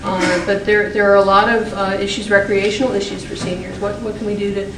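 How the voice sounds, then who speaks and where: A woman running for town board, answering in a measured way with frequent fillers. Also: mid-range voice, level tone. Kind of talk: unscripted forum answer. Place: public meeting hall. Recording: roomy hall, far from mic, noisy.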